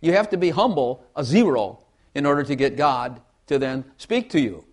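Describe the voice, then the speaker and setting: A man's voice: medium pitch, animated, normal speed. A man preaching a sermon in a folksy way, repeating phrases and asking the congregation for amens.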